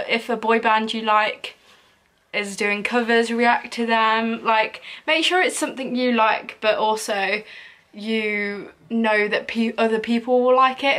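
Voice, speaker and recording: A woman's voice: on the high side, fairly even intonation, measured pace, a bit bright. Young female vlogger, casual Q&A chat, chatty and giggly. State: out of breath. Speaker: YouTuber. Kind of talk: casual Q&A vlog.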